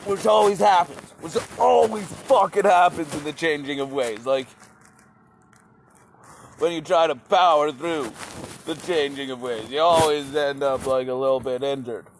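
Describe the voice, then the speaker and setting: Man, slow unhurried delivery, gravelly fry, rambling profane monologue, repeats himself. Vlogger. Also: on the high side, a little hiss or hum.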